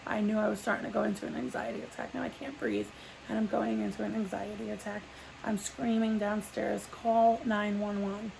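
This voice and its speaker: Gravelly-voiced woman rambling through a story. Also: medium pitch, flat delivery, fairly quick, darkish tone, slight background noise, poor audio. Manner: rambling, full of "like" fillers and restarts. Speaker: vlogger. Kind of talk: casual sit-down storytelling.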